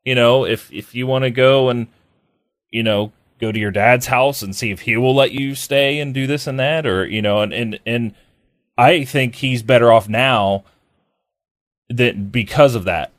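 A man's voice: medium pitch, unhurried, a bit bright, no echo, clean studio sound. A man hosting a casual podcast, talking loosely with lots of fillers and restarts. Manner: rambling, many fillers and restarts. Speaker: podcast host. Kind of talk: casual chat.

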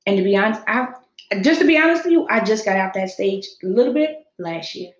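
A woman's voice: mid-range voice, a little fast, muffled recording. A young adult woman hosting a podcast, telling her own story in casual heartfelt talk, acting out quotes as she goes. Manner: expressive storytelling, acts out quotes. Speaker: podcast host. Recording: echoey room.

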